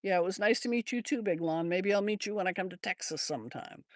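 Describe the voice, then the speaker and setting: A woman's voice: medium pitch, fast talker, no room sound, studio quality. An older woman with an American accent hosting a casual livestream from her yard, rambling and chatting as she answers viewer comments on a phone. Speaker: livestream host.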